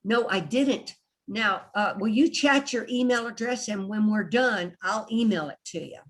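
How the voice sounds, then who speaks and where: A woman at a mid-range pitch leads an online group discussion over a video call. She talks in a chatty, encouraging way and laughs often as she guides the group. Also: a little slow. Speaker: study group leader.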